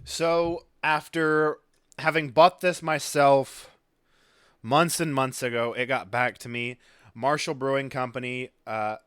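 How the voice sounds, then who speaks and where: Bright, crisp man with a Southern twang. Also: medium pitch, no room sound. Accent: Oklahoma Southern twang. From Oklahoma. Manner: laid-back, joking, says "brother". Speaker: podcast co-host. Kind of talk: casual podcast chat.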